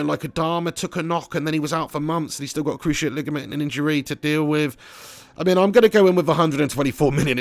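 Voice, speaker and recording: A man with a slightly high voice runs casual live commentary over a football management game. He rambles, thinks aloud and laughs as he reads viewers' messages. The sound is close and dry, recorded at home. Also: no room sound. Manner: chatty, rambling, laughs while reading chat. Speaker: gaming streamer.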